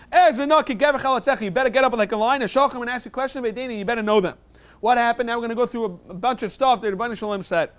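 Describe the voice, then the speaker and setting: Rabbi type, high smooth male voice, reads text then explains it quick, class review. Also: a bit bright. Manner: quick mix of read Aramaic and plain English explanation. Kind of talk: talmud class review, reading and translating.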